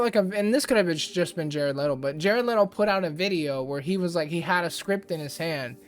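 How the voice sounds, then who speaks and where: A man's voice: fairly high pitch, a little fast, few pauses. A man hosting a casual ranting commentary vlog, rambling and exasperated, with lots of fillers. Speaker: YouTube host.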